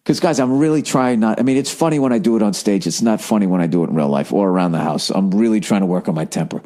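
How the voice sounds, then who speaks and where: A man's voice: on the low side, quick pace, warm tone. A man in his forties from the United States, a podcast host and comedian, rambling in a profane, self-mocking monologue. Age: 40s.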